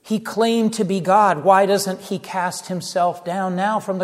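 A man preaching a sermon, earnest and dramatic, dropping to a hushed voice when he quotes scripture. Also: sits high, fairly even intonation, a little slow, few pauses. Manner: earnest, dramatic, drops to hushed tones in quotations. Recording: long reverb of a hall.

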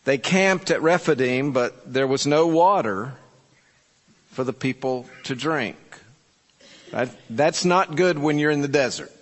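A man preaching a sermon as pastor, with measured delivery and rhetorical questions to his congregation. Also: mid-range voice, lively intonation. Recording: long reverb from a large hall.

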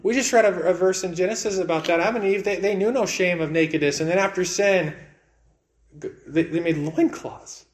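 A man preaching a sermon in an earnest way, repeating words and swinging between raised and hushed delivery. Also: high-pitched, brisk.

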